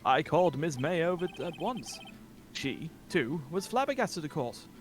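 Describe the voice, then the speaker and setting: Man voicing a smug, theatrical video-game witness; high, wide-ranging delivery. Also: big pitch swings, moderate pace, over music. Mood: testifying. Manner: theatrical, sweeping pitch swings. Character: smug male witness giving rehearsed courtroom testimony. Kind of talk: voicing game text on a stream.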